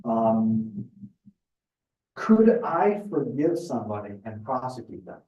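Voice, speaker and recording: A middle-aged man speaking at a spiritual retreat in a conversational, thoughtful way, often pausing with fillers. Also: mid-range voice, sing-song, dull audio. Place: retreat house meeting room. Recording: echoey room, voice picked up from a distance.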